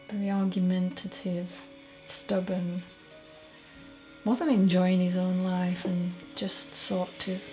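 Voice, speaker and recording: A woman giving a solo mediumship reading as a psychic medium, talking in a halting, chatty way and correcting herself as she goes. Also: mid-range voice, dark tone, poor audio.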